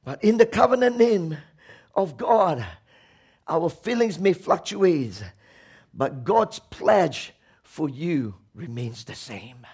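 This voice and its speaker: A man preaching a sermon with passion, swinging between shouted lines and hushed ones. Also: on the high side, animated, takes it slowly, husky.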